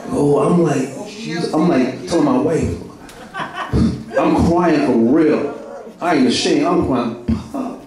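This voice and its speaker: A middle-aged man gives a raw, repetitive testimony from the pulpit, mixing street talk with church phrases. His voice sits somewhat high and carries from a distance, swallowed by the long echo of a large church hall. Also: slow, crowd noise. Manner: repetitive, heartfelt, street slang, laughing through it. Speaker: church minister giving a testimony. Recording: echoey hall from far off.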